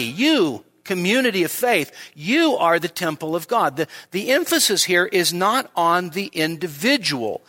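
Taking his time over each point, a male preacher gives an expository teaching sermon at a church service. His slightly high voice is bright and forceful, and he poses rhetorical questions to the congregation before sinking into quiet asides.

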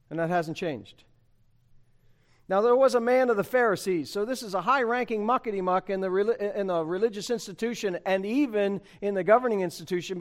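A man preaching a sermon, emphatic and conversational, asking the congregation rhetorical questions. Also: sits high. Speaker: pastor.

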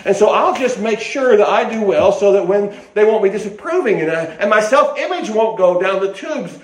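A man's voice: high-pitched, lively intonation, normal speed. An older man preaching a sermon in a folksy, rambling way, with restarts and asides, in an echoey hall.

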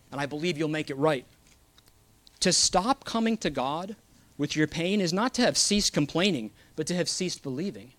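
A man's voice: on the high side, dry recording. A man preaching a sermon, earnest and emphatic, reading scripture aloud.

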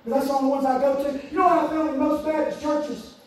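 A preacher man with a high voice pounds on repeated phrases, rising to shouts and then dropping to near-whispers. He sounds distant from the microphone in a very echoey church, with faint hiss underneath. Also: little pitch movement, fast talker. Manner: emphatic and repetitive, swinging from shouts to hushed tones. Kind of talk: sermon. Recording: echoey room, voice far from mic, faint hiss.

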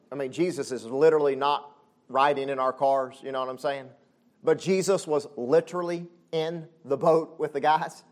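A man preaching a sermon. He talks conversationally with frequent asides and swings between loud exclamations and soft, low passages. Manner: conversational, with frequent "you know what I'm saying" asides. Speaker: pastor.

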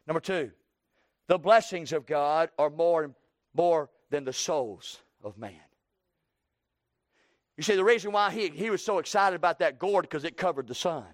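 A man preaching a sermon, building to loud emphatic runs and dropping low, with folksy plain phrasing. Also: measured pace, long pauses, dry recording, clean studio sound. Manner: preaching with swelling emphasis and sudden drops.

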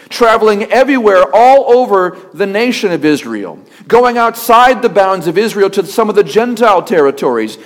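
High-voiced man preaching emphatically. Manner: emphatic preaching with rhetorical questions and repetition. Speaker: pastor. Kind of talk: sermon.

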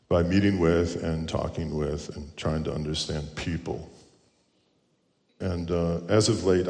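A man preaching a sermon as pastor, telling jokes and stories in a chatty way. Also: low voice. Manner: chatty, joking storyteller. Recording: echoey church hall.

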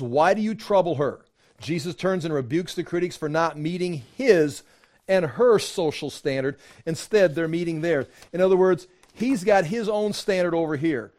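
A man preaching a sermon, teaching from scripture in a conversational, animated way, acting out quoted voices. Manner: animated, acts out quoted voices with rising pitch; conversational, with fillers and restarts. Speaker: pastor.

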